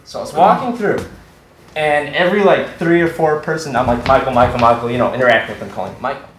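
Animated young man telling a story. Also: on the high side, fast talker, roomy sound, a little hiss or hum, rough recording. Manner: animated, laughs through his own story. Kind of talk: personal anecdote told to an audience.

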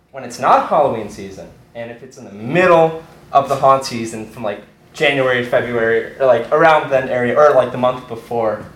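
A teenage man telling a personal story about working at a haunted house, animated and breaking into laughter as he goes. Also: mid-range voice, echoey room, a little hiss or hum, low-quality recording. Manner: animated, laughs through his own story. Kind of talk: personal anecdote told to an audience.

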